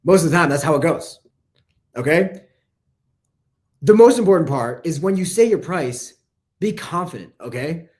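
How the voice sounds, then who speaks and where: A man's voice: a little high, expressive, darkish tone. A man coaching copywriting in a casual, profane live lesson. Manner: casual, profane, fast-talking.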